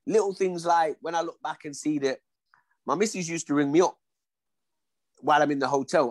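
A man's voice: fairly high pitch, brisk, pauses often, no echo. A man, a former boxer telling his story in an interview, acting out dialogue and often saying "you know what I mean".

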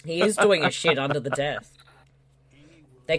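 A podcast co-host trading quick wisecracks and teasing during a casual movie watch-along. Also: medium pitch, fairly bright tone.

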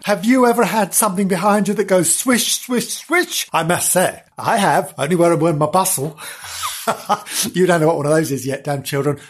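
A woman's voice: on the low side, moderate pace, breathy edge. A woman telling a mock children's story with rambling, giggly asides.

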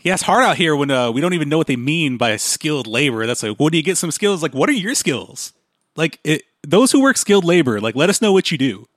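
A man's voice: a little high, sing-song, brisk, a bit bright, dry recording, studio quality. A man co-hosting a casual podcast chat, rambling and trailing off with chuckles.

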